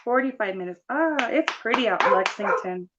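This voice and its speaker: A woman co-hosting a casual livestream chat, chatty and quick to laugh, reading out viewer comments. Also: on the high side, lively intonation, dull audio, very noisy.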